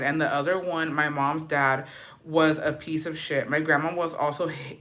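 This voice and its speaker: A young woman hosting a casual livestream in a bright, forceful voice. She talks loudly and profanely with lots of energy, and sometimes drops into a hushed whisper. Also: low voice. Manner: loud, profane and animated, swinging to hushed whispers. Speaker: livestream host. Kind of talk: casual livestream chat reading viewer comments.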